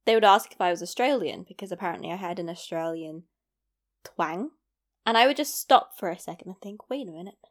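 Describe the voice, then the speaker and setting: A young woman with a British accent, chatting to camera and telling stories about her own experiences. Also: medium pitch. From Britain. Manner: chatty, reflective storytelling. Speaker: vlogger. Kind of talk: casual chat to camera.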